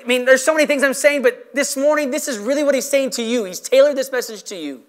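A male pastor preaching a sermon with impassioned, emphatic delivery, stretching out key phrases slowly. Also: extremely high pitch. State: emotional.

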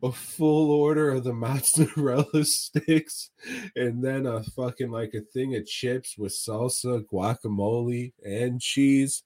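A man's voice: medium pitch, fairly even intonation, slow, mellow. A man hosting a podcast, casually telling a profane, funny story and laughing along. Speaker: podcast host.

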